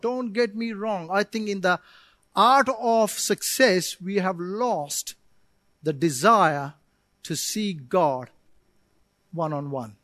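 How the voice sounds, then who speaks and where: A man pastor preaching a sermon at a church service, animated and joking with the congregation, at times building to emphatic shouting. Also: sits high, takes it slowly, pauses often, no echo.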